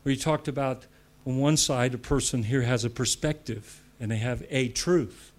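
A man's voice: mid-range voice, steady tone, moderate pace. A man from the United States preaching a sermon to church leaders, emphatic and conversational, repeating phrases for effect. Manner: emphatic, rising to loud declarations; repetitive, conversational asides.

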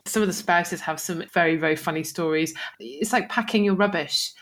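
A woman's voice: on the low side, brisk. A middle-aged woman co-hosting a podcast in casual chat, talkative, laughing often and acting out quoted remarks. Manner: chatty, laughs often, quotes herself in animated asides. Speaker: podcast co-host, social enterprise founder.

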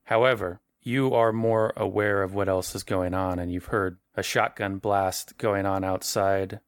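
A man serves as game master, narrating a horror tabletop game in a relaxed, conversational way and often rephrasing mid-sentence. His voice sits somewhat low, and the recording is dry and close. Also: unhurried, clean tone, dry recording.

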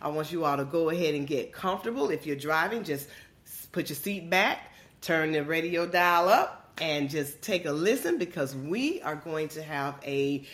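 A woman's voice: sits low, expressive, a bit bright. A woman from Georgia hosting a podcast, talking to listeners in an emphatic, casual way and calling them "y'all". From Georgia, USA. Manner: calls listeners "y'all", drawn-out emphatic delivery. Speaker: podcast host.

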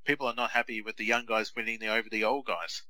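A man co-hosting a podcast in casual chat, telling animated stories and acting out other players in raised voices. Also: on the low side, fast talker, no echo, poor audio. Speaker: podcast co-host.

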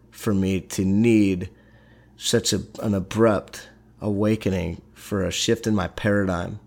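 A middle-aged man, his voice sitting a little low. He tells a story in a loose, animated way, often breaking off and restarting his sentences. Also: gravelly. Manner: animated, halting, many restarts. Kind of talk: casual storytelling.

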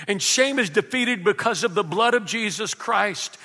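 A male pastor delivers his sermon in a high, ringing voice with a forceful edge. He presses each point and throws questions out to his listeners. His words carry a long reverb, as in a large church sanctuary. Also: expressive, normal speed. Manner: emphatic, calls out questions to the congregation.

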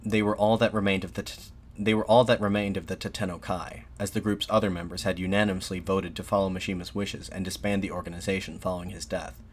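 A man reads a scripted history narration in a steady, measured way. His voice sits on the low side, and he now and then restarts a phrase before moving on. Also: slight background noise.

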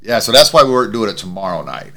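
A man's voice: on the low side, sing-song, quick pace, vocal fry, pushed and bright. A man co-hosting a podcast from his home studio, chatting casually and swearing freely. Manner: loose, profane, laughs often. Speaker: podcast co-host. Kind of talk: casual chat. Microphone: studio mic with mixing board and headphones.

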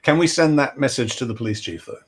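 A man playing in a tabletop game, eager and quick to laugh. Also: mid-range voice, lively intonation, a little hiss or hum. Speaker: player. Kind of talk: casual tabletop play.

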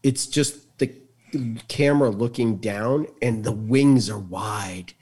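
A man's voice: on the low side, takes it slowly, darkish tone, slightly rough. A man who has a son, joking with friends about a video in an emphatic, playful way. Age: adult with a son. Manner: emphatic, acts out squeals. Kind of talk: casual banter.

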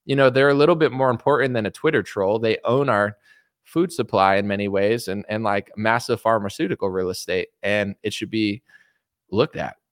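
A man's voice: lowish voice, moderate pace, no room sound, clean studio sound. A young man hosting a casual livestream, rambling and sarcastic with lots of filler words while he reads viewer chats. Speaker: livestream host.

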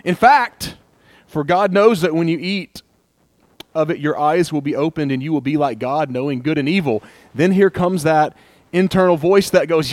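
Lively young man preaching casually. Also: fairly high pitch, normal speed, no room sound. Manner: animated, laughs often, acts out inner voices. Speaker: pastor. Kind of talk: casual sermon.

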